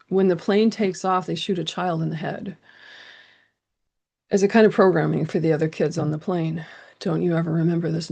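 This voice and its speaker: Woman reading her own journal out loud, low voice w/ lots of vocal fry, earnest and kinda halting. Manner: intimate, earnest, halting with restarts. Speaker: host sharing a personal account.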